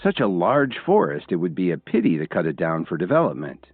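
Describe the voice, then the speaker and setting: A man doing a modest, calm young hero. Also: deep voice, brisk, no echo, full character voice. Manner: modest, level-headed. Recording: tinny phone-like sound, faint music.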